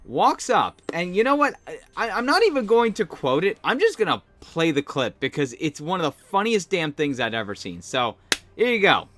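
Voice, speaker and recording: A man hosting a solo podcast, telling a story in an excitable, laughing way while getting over a cold. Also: on the high side, normal speed. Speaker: podcast host. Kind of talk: casual solo podcast commentary.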